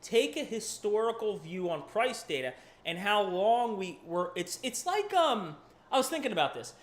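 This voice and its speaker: A man's voice: high-pitched, sing-song, moderate pace. A man hosting a live crypto chart show, talking casually with profanity, restarts and rambling asides. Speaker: crypto market analyst and channel host. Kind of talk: casual live market commentary.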